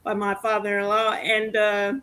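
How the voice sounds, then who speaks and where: A woman in her forties hosting a podcast, telling stories in an animated way and laughing often. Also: medium pitch, normal speed, smooth. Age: 40s. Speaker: podcast host. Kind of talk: casual interview chat.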